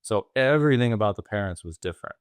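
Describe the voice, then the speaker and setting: This is a man co-hosting a casual movie podcast, speaking in a lowish voice. His delivery is easygoing and measured as he thinks through his points. The recording is close and dry, with no room sound. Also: lively intonation, smooth, no room sound. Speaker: podcast co-host. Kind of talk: casual film discussion.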